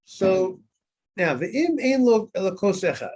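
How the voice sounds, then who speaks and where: High-voiced rabbi teaching a Talmud class. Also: male voice, moderate pace. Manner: repeats words, asks students questions and answers them. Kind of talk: informal Talmud lesson. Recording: dull lo-fi recording.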